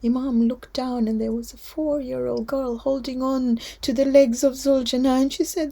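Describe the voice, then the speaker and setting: A woman telling a devotional story to children, heartfelt and earnest. Her voice is mellow and warm and sits fairly high. She often sinks into a hushed whisper. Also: little pitch movement, moderate pace, few pauses. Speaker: storyteller at a children's religious gathering.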